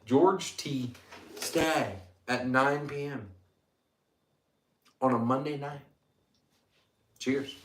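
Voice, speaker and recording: Man, mid-pitched, excitable casual livestream host, roomy echo. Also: very slow, long pauses, slight background noise. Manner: chatty, reads and thanks viewer comments, excitable. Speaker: livestream host reviewing whiskey. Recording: echoey room.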